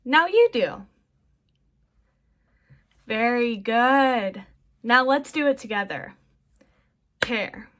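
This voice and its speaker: A woman teaching a children's lesson, slowly modeling words and praising the listener. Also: sits high, very animated, fairly bright tone. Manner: slow, encouraging, modeling words for kids.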